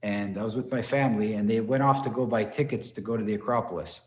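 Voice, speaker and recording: A man's voice: fairly low pitch, steady tone, fast talker, a little mellow, echoey room. A man teaching an online martial arts class, telling stories and encouraging students with frequent "right?" and "okay?" tags. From Toronto. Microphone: computer mic on a video call.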